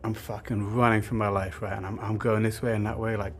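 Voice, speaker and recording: A man's voice: lowish voice, flat delivery, a little fast, a little hiss or hum. A young man telling a rambling, sweary story, with lots of filler words. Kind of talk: casual storytime monologue.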